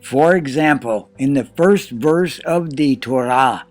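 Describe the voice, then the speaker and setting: Male teacher, slightly raised pitch, patient lesson delivery with slow sounded-out words, soft music behind. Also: dry recording. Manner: explanatory, slows to spell out Hebrew words. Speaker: Hebrew teacher. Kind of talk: recorded lesson.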